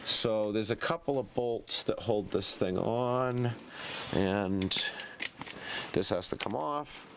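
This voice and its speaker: A man with a slightly low voice and a stuffy, congested sound talks through a car repair in a relaxed, chatty way, dropping fillers and dry asides. His mouth breathing comes through up close on a quality mic, and a faint noise sits underneath. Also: takes it slowly, vocal fry. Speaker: home mechanic. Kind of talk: casual how-to narration while working. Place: garage, working on a car engine. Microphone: good-quality mic picking up breathing.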